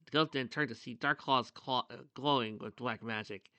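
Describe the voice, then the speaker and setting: A man narrating a fan-made story in a bright, sharp voice that sounds dry and close to the mic. He keeps stepping out of the story to add eager side comments. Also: medium pitch, moderate pace, no room sound. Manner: breaks off into excited side comments. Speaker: fan fiction reader. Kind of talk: reading a story aloud with asides.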